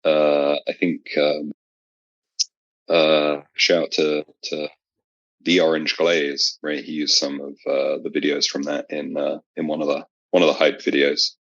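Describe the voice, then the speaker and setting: A British man with an extremely deep, low voice talks in a halting, relaxed way, full of "uh" and "like". His audio sounds dull and lo-fi, with a dry, close sound and no room echo. He is a guest on a casual podcast. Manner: halting, filler-heavy. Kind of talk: casual chat.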